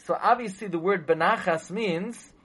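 A man's voice: sits high, moderate pace, fairly bright tone, slightly rough, rough recording. Emphatic man teaching a text. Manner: emphatic, repeats points, rhetorical questions; mixes in Hebrew and Yiddish terms. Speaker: Torah teacher. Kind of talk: text-study lecture.

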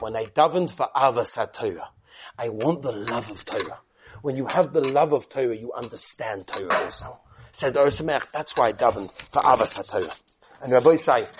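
A man giving a storytelling talk to yeshiva students, acting out each character with lively shifts. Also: fairly high pitch, husky. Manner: animated storyteller who acts out each character.

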